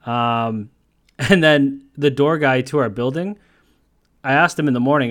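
A man's voice: medium pitch, a little slow, long pauses. Man, podcast co-host, casual chat, rambling storyteller, swears a lot.

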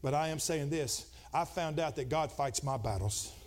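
A middle-aged pastor delivers a Pentecostal sermon in a slightly high voice at normal speed, with a little hiss or hum in the audio. He drops into quiet, conversational talk, then climbs into shouted, fervent preaching.

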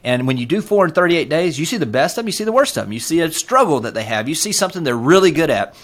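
A man with a Southern US accent tells his story in casual interview chat. His pitch rises and falls widely as he gets going. He talks earnestly and keeps stopping to say um and you know. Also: fast talker. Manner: earnest, animated storyteller with many fillers. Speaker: podcast guest.

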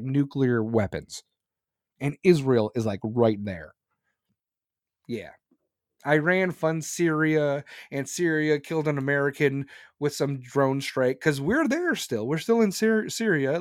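A man's voice: fairly high pitch, dry recording, clean studio sound. A male podcast host ranting about politics in a blunt, profane, heated way. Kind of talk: opinionated political rant.

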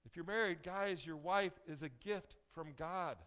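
Male pastor, slightly high voice, folksy sermon delivery with jokes to the pews, leans on key lines. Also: a bit bright. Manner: folksy, joking asides to the congregation; emphatic, slows down on key phrases.

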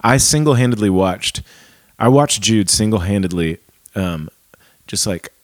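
A man in his forties, a pastor, chatting casually and acting out remembered conversations in a soft voice. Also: fairly low pitch, lively intonation, a little slow, no echo. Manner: storytelling, acts out dialogue softly. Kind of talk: casual podcast chat.

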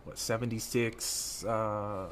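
A man's voice: fairly low pitch, fairly even intonation, slow pace, a crowd in the background. A man in his late twenties, a podcast guest telling stories casually and animatedly, swearing freely. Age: late 20s. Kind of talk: casual storytelling.

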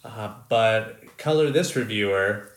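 A man co-hosting a podcast, chatting casually about films, relaxed and swearing now and then. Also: on the low side, takes it slowly. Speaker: podcast co-host. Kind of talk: casual film chat. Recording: roomy echo.

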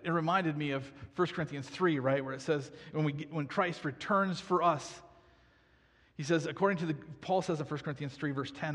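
A man's voice: a little high, a little fast, fairly bright tone, slightly rough, big-room sound. A man preaching a sermon in a conversational manner, reading scripture and correcting himself as he goes. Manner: conversational, with self-corrections and asides. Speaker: pastor.

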